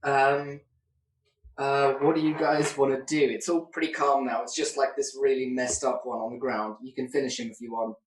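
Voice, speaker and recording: Man, game master, halting and hesitant, roomy sound, far from the mic. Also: mid-range voice, flat delivery, slight background noise. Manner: hesitant, many ums, laughing often. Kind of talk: narrating a tabletop game. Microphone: video call.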